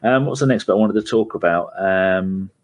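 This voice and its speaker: A man's voice: sits low, moderate pace. A man from England hosting a casual football podcast, laid-back, laughing often and steering between topics. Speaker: podcast host.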